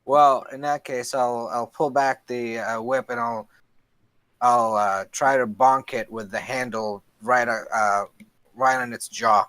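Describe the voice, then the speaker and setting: A man's voice: medium pitch, steady tone, unhurried, a bit bright, clear, resonant tone, no room sound. Guy playing a tabletop game, umms a lot, dry sound. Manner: hesitant, many fillers. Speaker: player.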